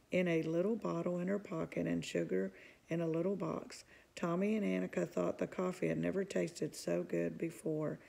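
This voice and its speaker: A woman reading a children's book aloud in a calm, even narrating voice. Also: lowish voice, gravelly. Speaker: storybook reader.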